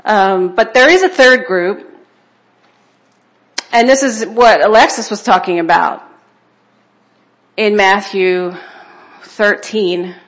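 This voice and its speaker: At a church conference, a woman shares her personal testimony, emotional and conversational, checking in with her listeners. Her medium-pitched voice is fairly bright, and she speaks slowly with frequent pauses.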